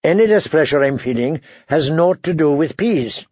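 A man's voice: on the high side, animated, normal speed, a little mellow, no room sound, lo-fi sound. A man voicing a dry-witted, sardonic nobleman speaking wryly in a storybook reading. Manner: wry, sardonic.

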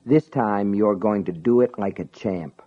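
A man voicing a sinister shopkeeper who speaks softly and quietly. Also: fairly low pitch, measured pace, highs cut off. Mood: menacing. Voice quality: soft, quiet. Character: sinister soft-spoken older male shopkeeper.

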